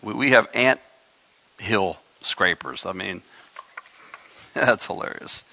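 A man's voice: fairly low pitch, slow, gravelly, sharp tone, highs cut off. A man preaching a sermon as pastor, emphatic, with joking asides to his congregation.

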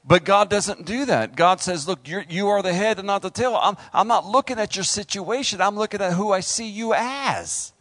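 A middle-aged male pastor preaching a sermon, animated, acting out voices and talking straight to the congregation. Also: high voice, normal speed, hardly any pauses, no echo.

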